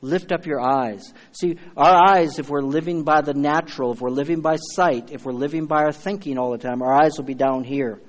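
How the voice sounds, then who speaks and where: A man's voice: fairly high pitch, steady tone, normal speed, few pauses, long reverb tail. A man preaching a sermon as pastor, fervent and emphatic, calling out to his congregation.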